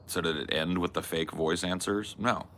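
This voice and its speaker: A man's voice: sits low, steady tone, normal speed, pushed and bright, slight background noise. A man hosting a comedy podcast, chatting casually with crude jokes and laid-back slang. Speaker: podcast host.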